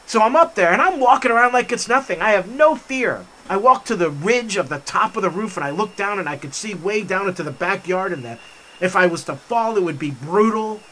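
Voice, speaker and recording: Bright, animated man telling stories. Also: high voice, brisk, a little hiss or hum. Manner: animated, enthusiastic storyteller. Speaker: vlog host. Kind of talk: storytelling while hiking. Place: forest trail outdoors.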